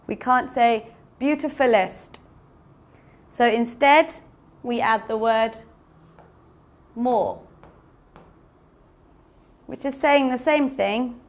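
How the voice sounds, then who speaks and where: Slow, patient woman teaching English. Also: a little high. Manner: patient, repeats words and spells them out. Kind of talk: slow classroom explanation.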